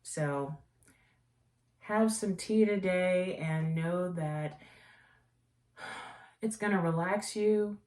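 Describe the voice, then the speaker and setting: A woman's voice: fairly low pitch, distant mic. A woman hosting a tea vlog, talking in a casual, rambling way and gushing about teas and small-business products. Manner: rambling, warm-hearted enthusiasm for products. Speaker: tea vlogger and host. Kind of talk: casual chatty review. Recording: echoey room, voice away from mic.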